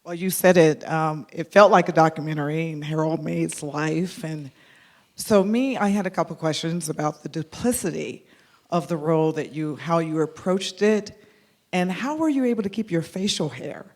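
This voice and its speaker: A man in the audience asking an earnest, halting question of the actor. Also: on the high side.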